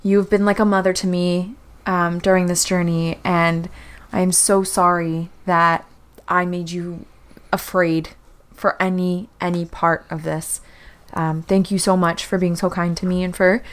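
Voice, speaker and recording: A woman's voice: on the low side, flat delivery, measured pace, natural voice. A woman playing a tearful, earnest young heroine. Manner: emotional, earnest, pleading.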